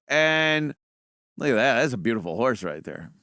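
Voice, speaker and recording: A man's voice: fairly high pitch, animated, a little slow, bright, forceful tone, clear, resonant tone, no room sound, clean studio sound. A middle-aged man hosting a show, giving a blunt, profane, mocking opinion monologue in casual talk. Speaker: podcast host.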